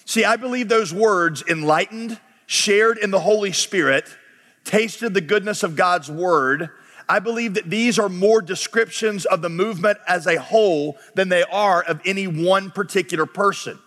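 A pastor preaching a sermon to his congregation. He is impassioned, rising to shouts and then dropping low and quick. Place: church sanctuary. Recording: long reverb of a large hall.

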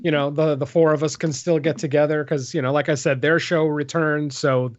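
A man's voice: fairly high pitch, steady tone, a little fast. A man co-hosting a horror podcast, chatting casually and rambling with many fillers. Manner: rambling, filler-heavy, laughs easily. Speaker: podcast co-host. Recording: dull lo-fi audio.

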